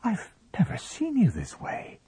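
A man voicing a young wife in a read-aloud story, lifting his voice high and light for her. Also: big pitch swings, unhurried, dark tone, husky, dry recording, rough recording. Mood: bemused. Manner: light, raised voice for a woman. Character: young wife, dreamy and gently amused woman.

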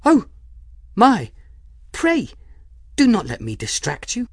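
A man's voice: high voice, wildly swooping pitch, takes it slowly, slightly rough, no room sound, clean studio sound, pitched above the performer's own voice, exaggerated voice. A man voicing an earnest, polite young woman who speaks breathily and with wonder. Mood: flustered.

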